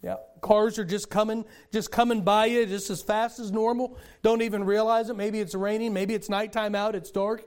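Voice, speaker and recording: An older man preaching a sermon in a folksy storytelling way, with sudden loud bursts. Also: sits high, level tone, moderate pace, hardly any pauses, smooth. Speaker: pastor.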